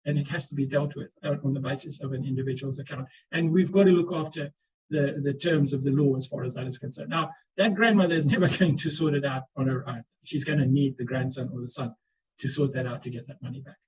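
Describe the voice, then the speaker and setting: A medium-pitched man with a breathy edge talks fast in a steady tone while answering webinar questions as a panellist. His explanations are earnest, peppered with repeated words as he restarts, and the video-call audio is dull.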